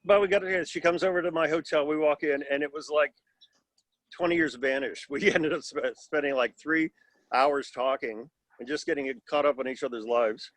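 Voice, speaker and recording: A man's voice: fairly high pitch, fairly even intonation, normal speed, a bit bright, no echo. Wry older man telling reunion stories. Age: 60s. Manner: rambling, wry, self-deprecating humor. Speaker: alumnus at class reunion. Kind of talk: casual anecdote on video call. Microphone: video call.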